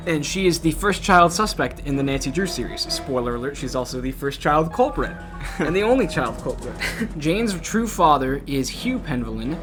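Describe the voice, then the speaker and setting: A man co-hosting a video game review show, chatty and opinionated, laughing now and then. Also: mid-range voice. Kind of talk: casual review chat.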